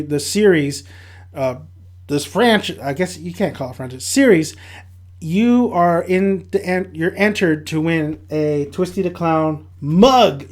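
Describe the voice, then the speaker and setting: A man's voice: fairly high pitch, darkish tone. A young man giving a casual, rambling spoken review of a TV episode and correcting himself as he goes. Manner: chatty, rambling, self-correcting. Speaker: TV review vlogger.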